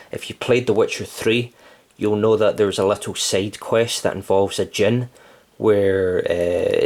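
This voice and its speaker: Casting: young guy, low voice, relaxed rambling vlog delivery, slightly winded. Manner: rambling, relaxed, frequent ums. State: slightly out of breath from heat. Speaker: channel host. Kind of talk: casual vlog chat about his books.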